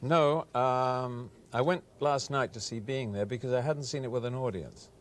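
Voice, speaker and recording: Appearing as a guest on a TV show, an actor answers interview questions in a mild, hesitant way, dropping plenty of ums in the casual chat. His voice is mid-range and moderately paced, recorded in a TV studio.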